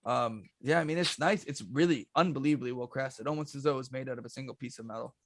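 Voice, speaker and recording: A man narrating as dungeon master, describing rooms and loot in a laid-back, halting way. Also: mid-range voice, no echo, studio quality. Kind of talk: narrating a tabletop game over a call.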